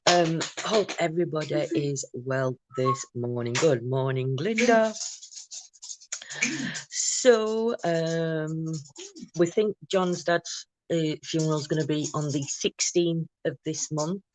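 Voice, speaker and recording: A woman hosting a casual morning livestream from home, chatting and greeting viewers by name, quick to burst into a big loud laugh. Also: low voice. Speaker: livestream host.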